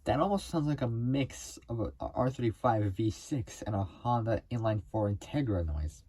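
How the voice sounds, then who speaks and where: A man's voice: mid-range voice, expressive, normal speed, warm tone, husky. A man hosting a car video, talking casually to camera in a rambling way, full of fillers and restarts.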